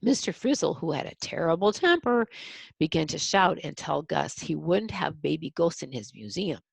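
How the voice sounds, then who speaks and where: A woman's voice: deep voice, big pitch swings, moderate pace, vocal fry, husky, no echo. A woman reading a picture book aloud to children, stopping to explain the pictures in simple words. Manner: explains the pictures to young listeners. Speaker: storybook reader.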